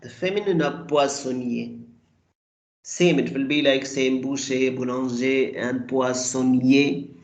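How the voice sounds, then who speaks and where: A man teaches a language class at an unhurried, deliberate pace. He patiently repeats each word for his students. His voice rings in a noticeably echoey room. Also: medium pitch, fairly even intonation. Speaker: French teacher. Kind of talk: online language lesson.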